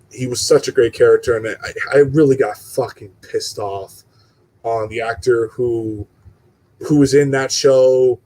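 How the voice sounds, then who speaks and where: A young man talking straight to his viewers in a loose, profane rant. His mid-range voice leaps up sharply whenever something annoys him, then settles back into easy chat. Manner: profane, animated, jumps pitch when exasperated. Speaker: channel host.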